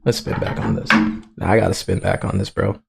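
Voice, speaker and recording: A man's voice: deep voice, fairly quick, gravelly, very noisy. A young man streaming live in casual commentary, talking in slang with lots of swearing and frequent laughter. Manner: slangy, profane, laughs often, excitable. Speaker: livestreamer.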